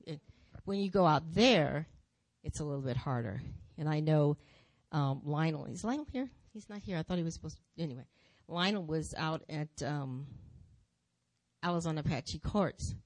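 A woman speaking in church, telling her testimony as a lively story with repeated phrases. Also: low voice, dry recording. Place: church sanctuary.

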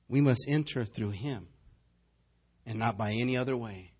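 A man preaching a sermon, telling stories with big swings between shouting and hushed asides. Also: mid-range voice, normal speed, husky. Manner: animated storytelling, swinging between shouts and near-whispers. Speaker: pastor.

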